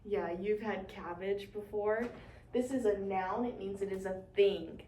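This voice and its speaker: A woman's voice: medium pitch, measured pace, a little mellow, recorded from a distance, slight background noise. Young woman, teacher, encouraging call-and-response, echoey room, set back from the mic. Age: young adult. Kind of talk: demonstration lesson to imagined class.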